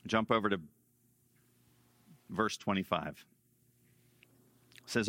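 Bright-voiced preacher, emphatic and dry. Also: male voice, fairly low pitch, lively intonation, moderate pace, dry recording. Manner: emphatic, repeats key phrases, swings between loud and hushed. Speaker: pastor. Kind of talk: sermon.

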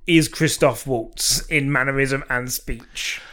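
A man's voice: medium pitch, steady tone, fairly bright tone. Easygoing laughing male podcast host. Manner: easygoing and quick to laugh, many "um"s. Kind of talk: casual film-review chat.

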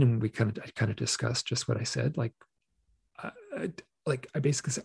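A man, a podcast guest and author, telling a personal story in a casual, animated way, often restarting his sentences. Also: medium pitch, brisk, vocal fry, breathy edge. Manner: animated, emotional retelling with many restarts. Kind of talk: conversational storytelling.

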